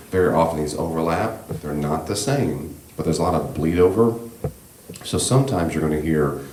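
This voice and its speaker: A man with an extremely deep voice leads a church class on grief, gentle and reassuring in tone. He talks conversationally with many asides into a handheld mic. The room echoes, and a faint hiss sits underneath. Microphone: handheld microphone.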